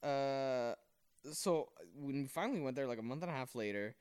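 A man's voice: mid-range voice, animated, moderate pace, darkish tone, clean tone, no room sound. A man co-hosting a podcast, telling rambling stories in a casual, filler-heavy way. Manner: rambling storyteller, lots of fillers. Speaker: podcast co-host. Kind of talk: casual chat.

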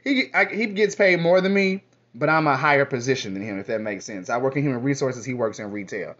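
A man's voice: medium pitch, brisk, a bit bright. Sassy, cursing man on lo-fi audio. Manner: sassy, profane, rambling. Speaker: vlogger. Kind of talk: casual monologue. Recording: dull lo-fi audio.

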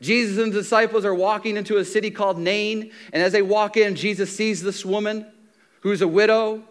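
Speaking fairly quickly in a smooth, high voice, this pastor's sermon turns the stories into lively, conversational tellings. He acts out what the characters say, ranging from shouting down to almost whispering.

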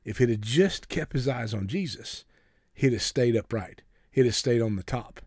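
A man's voice: mid-range voice, animated, moderate pace, a little mellow, no echo, clean studio sound. A man preaching a folksy, earnest sermon, often repeating words as he starts a sentence.

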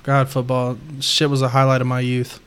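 A young man, telling profane high school football stories in casual chat. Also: monotone, moderate pace, smooth. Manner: profane storytelling with loud quoted voices.

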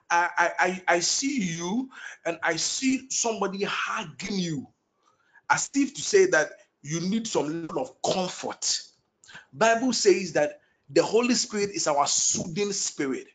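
A man's voice: a little high, fairly bright tone. Fervent preacher man. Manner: fervent, repetitive declarations. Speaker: prophetic prayer leader. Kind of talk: prophetic prayer ministry.

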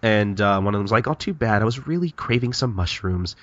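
A man's voice: fairly low pitch, lively intonation, fairly quick, dry recording, dull audio. A man co-hosting a podcast in casual chat, recapping a manga in a rambling, profane way and acting out characters' lines with lots of laughing. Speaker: podcast co-host.

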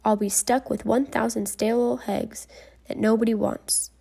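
A woman voicing a stubborn, grumbling country egg carter with a blunt, loud way of talking. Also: on the high side, fairly even intonation, normal speed, vocal fry, breathy edge.

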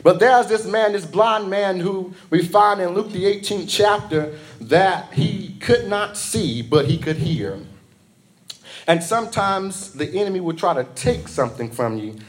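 Impassioned high-voiced male preacher. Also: measured pace. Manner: impassioned, call-and-response preaching, swings loud and soft. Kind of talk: sermon.

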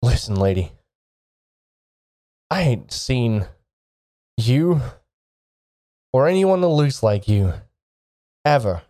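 A man doing a captive male thug, frightened, stammering, pleading, slow, dry sound. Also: medium pitch, very animated, dark tone, no echo. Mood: pained, pleading.

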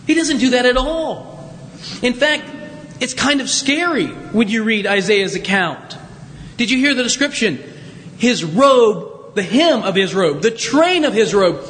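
A man's voice: very high-pitched, a bit bright. A man preaching a sermon in a church sanctuary, talking conversationally with a self-deprecating touch and plenty of restarts. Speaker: pastor. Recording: long church reverb, faint noise.

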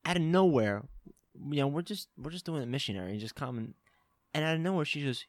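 A young man telling an animated, laughing story in casual chat among friends. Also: on the high side, a little fast, dry recording, clean studio sound.

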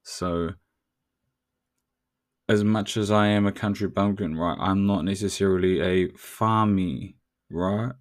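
A man's voice: deep voice, steady tone, slow pace, pauses often. A man from New Zealand with a New Zealand accent, talking in a casual, profane, slangy monologue with frequent laughs.

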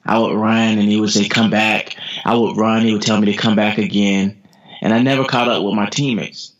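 An American man in his thirties, a sprinter telling motivational stories as a podcast guest, energetic, repeating his words and laughing often. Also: lowish voice, normal speed, a little hiss or hum. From United States. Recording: dull lo-fi podcast audio.

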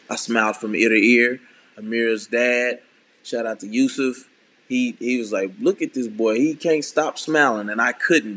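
A man in his thirties telling a candid personal story in an earnest, halting way, often restarting his sentences. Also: mid-range voice, fairly bright tone. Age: 30s. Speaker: speaker sharing a personal testimony.

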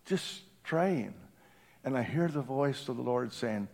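A man preaching a sermon in a church, impassioned, swinging from hushed tones to shouting. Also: mid-range voice, expressive, slow pace, vocal fry. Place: church building during a service.

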